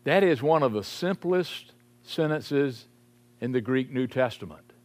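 A man delivers a sermon at an unhurried, measured pace. His voice sits at an ordinary middle pitch and sinks lower and quieter on the phrases he wants to stress. The style is emphatic preaching. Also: lively intonation. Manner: slow, emphatic preaching, dropping low on key phrases. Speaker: pastor.

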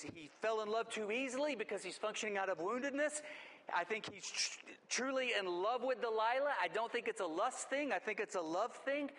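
A man's voice: high-pitched, a bit bright, in a large hall. A man preaching a sermon in an earnest, conversational way, retelling scripture and reflecting on it. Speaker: pastor.

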